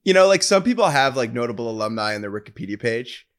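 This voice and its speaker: A man's voice: medium pitch, very animated, fast talker, a bit bright. A man co-hosting a sports podcast, chatting with enthusiasm. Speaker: podcast co-host. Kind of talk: casual interview chat.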